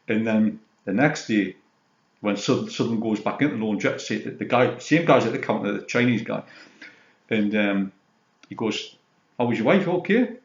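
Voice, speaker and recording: A man's voice: fairly low pitch, moderate pace. A man in his fifties from Britain, hosting a casual chat about film releases and filling his talk with "you know". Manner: rambling, leans on "you know", retells scenes. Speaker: host, film collector. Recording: roomy dull lo-fi sound.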